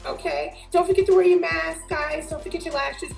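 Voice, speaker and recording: A woman host with a high, gravelly voice, gushing and effusive in easy chat. She sounds like she is in a roomy, echoey space. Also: steady tone, a little fast, faint music behind. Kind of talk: casual chat. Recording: echoey room.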